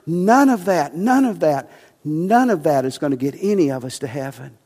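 Male pastor, sermon delivery, emphatic, a little high voice, reverberant sanctuary. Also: lively intonation, moderate pace, husky. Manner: emphatic, rising to passionate preaching then dropping soft. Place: church sanctuary.

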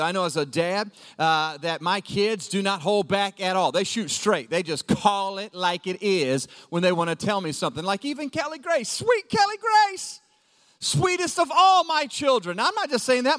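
High-voiced pastor in a reverberant hall. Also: male voice. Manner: lively and conversational, acting out quotes in a raised voice. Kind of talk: sermon. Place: church auditorium. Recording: long reverb of a large hall.

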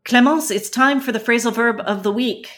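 A woman co-hosting an English-learning podcast, explaining pronunciation and vocabulary clearly and patiently. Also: fairly high pitch, moderate pace, fairly bright tone, soft background music. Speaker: English teacher co-host. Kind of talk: educational podcast chat.

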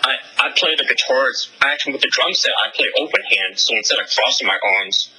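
A man's voice: mid-range voice, expressive, quick pace, pushed and bright, slight background noise, poor audio. A man in his twenties, a musician guest, talking frankly and matter-of-factly in a casual interview. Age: 20s.

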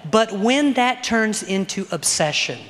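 The middle-aged male pastor preaching here has a notably high, somewhat bright voice and an expressive delivery. He addresses the congregation in a relaxed, conversational sermon, often checking in with short tag questions, while a long reverb trails off as in a big hall.

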